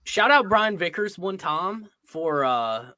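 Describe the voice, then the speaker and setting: A man's voice: sits high, big pitch swings, takes it slowly, a crowd in the background. A man hosting a casual group podcast, laid-back and profane, laughing often and filling gaps with ums. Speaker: podcast host.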